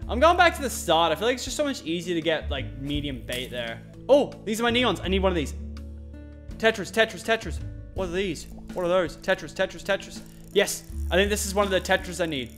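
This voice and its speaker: An excitable young Australian man talks his way through a video game, his voice bouncing all over the place and sitting a bit high. He yelps and groans at the game as he plays. Faint music runs underneath. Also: fairly quick. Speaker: gaming channel host. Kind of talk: excitable let's-play commentary.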